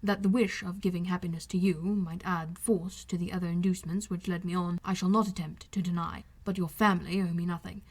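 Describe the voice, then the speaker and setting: A woman voicing a proud, reserved young gentleman in an audiobook, speaking in a slow, grave and earnest manner. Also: on the low side, steady tone. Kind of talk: audiobook character reading.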